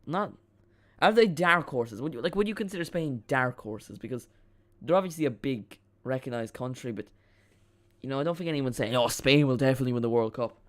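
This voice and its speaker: A man's voice: mid-range voice, animated, a little fast. A man hosting a live football watchalong stream, chatting casually and rambling as he reacts to the chat and the match.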